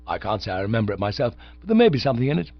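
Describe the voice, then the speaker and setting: A man voicing a bumbling, lovesick young English gentleman who gushes and pleads, in a dull, dry recording. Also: fairly low pitch, big pitch swings, rapid-fire, no echo. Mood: eager pleading. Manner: gushing, pleading.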